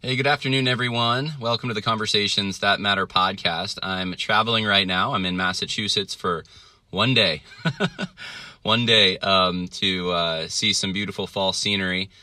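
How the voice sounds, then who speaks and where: Podcast host, male, low and bright, dry close sound, rambling chatty delivery. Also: fairly even intonation, normal speed, no room sound. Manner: rambling, many fillers and restarts. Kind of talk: casual podcast monologue. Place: traveling, indoors.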